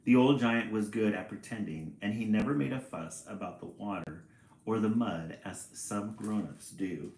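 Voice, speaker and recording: A man reading a picture book aloud on a livestream, chatty and quick to laugh, greeting viewers between pages. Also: on the low side, darkish tone. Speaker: storyteller and livestream host. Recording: roomy echo.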